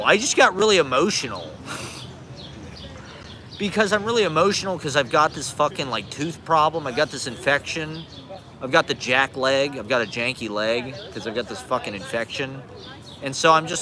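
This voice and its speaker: A man in his forties with a mid-range, bright, forceful voice streams live from a handheld phone on a city street outdoors. He rants casually in a rambling, profane, sarcastic, and self-deprecating way.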